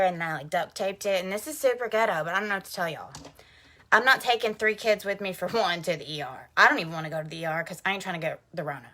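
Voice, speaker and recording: A woman's voice: medium pitch, bright, forceful tone, a little hiss or hum. A woman, chatting casually to camera at home as a mother vlogging, laughing and full of "like". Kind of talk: casual vlog chat to camera. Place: at home, indoors.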